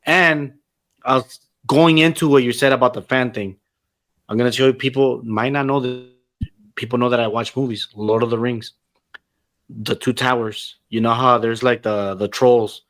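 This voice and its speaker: A man hosting a casual wrestling podcast, talking in an excitable, profane way and slipping Spanish phrases into his English. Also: mid-range voice, moderate pace. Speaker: podcast host. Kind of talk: casual chat.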